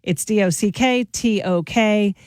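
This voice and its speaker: A woman's voice: mid-range voice, unhurried, a little mellow, no room sound, clean studio sound. A woman hosting a morning radio show, chatty and laughing at her own jokes. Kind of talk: upbeat radio show chat. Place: radio studio. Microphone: studio mic.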